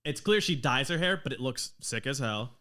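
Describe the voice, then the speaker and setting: A man's voice: medium pitch, lively intonation, normal speed, bright, forceful tone. A man running a tabletop game as game master, narrating the scenes in a rambling way with lots of ums.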